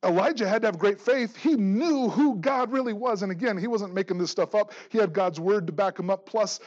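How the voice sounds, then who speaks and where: Pastor, male, high-pitched, animated sermon delivery with loud emphasis and quiet asides, lo-fi sound. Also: a little fast. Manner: jokes and laughs with the congregation.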